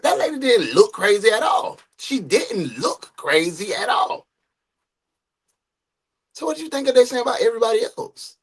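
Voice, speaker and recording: A man hosts a live true crime reaction stream from a home setup, reading chat aloud and tossing in loud, animated asides. His voice sits high and swings widely in pitch. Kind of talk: casual live stream commentary.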